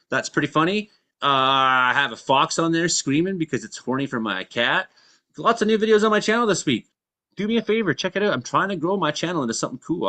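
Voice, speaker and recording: Bright-voiced man hosting a live show. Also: medium pitch. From Canada. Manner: rambling, laughs a lot. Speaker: podcast host. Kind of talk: casual live show chat.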